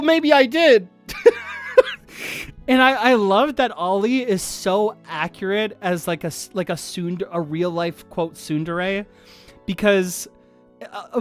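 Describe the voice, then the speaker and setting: A streamer chatting casually on a livestream, gushing excitedly and swearing freely, with faint music behind. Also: medium pitch, clear, resonant tone.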